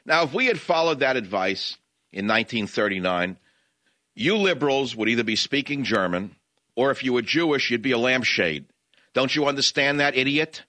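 A man's voice: medium pitch, pushed and bright, no room sound. A man hosting talk radio, ranting angrily and hurling insults at his targets. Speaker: radio talk show host. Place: radio studio.

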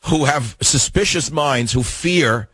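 A man's voice: medium pitch, lively intonation, takes it slowly, a bit bright, slightly rough, dry recording. An older man hosting a talk radio show, delivering an opinionated, combative monologue with rhetorical questions. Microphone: studio mic.

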